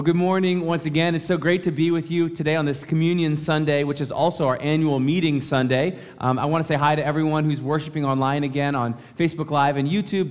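A man pastor giving a conversational, friendly sermon in a church sanctuary. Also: on the high side. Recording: reverberant church hall.

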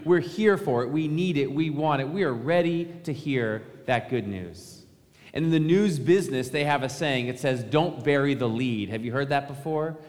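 A male pastor delivers a sermon in a conversational way, often pausing to pose rhetorical questions to his listeners. His voice sits at a middling pitch. It rings out with the long reverb of a church sanctuary. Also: darkish tone.

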